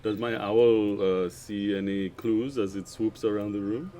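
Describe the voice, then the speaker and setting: A man at a tabletop game describing what his character does in a laid-back way. His voice is fairly low, and clear background noise runs under it. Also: level tone, unhurried, warm tone. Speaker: player.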